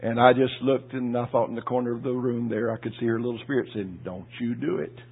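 A man preaching a sermon, telling a personal story in a folksy, emotional way with asides to the congregation, his voice husky. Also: medium pitch, level tone, fast. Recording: tinny phone-like audio.

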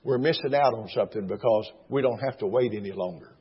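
A man's voice: on the low side, fast talker, slightly rough. A man preaching a sermon, reading scripture aloud and rising to fervent exclamations. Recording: dull, roomy hall sound.

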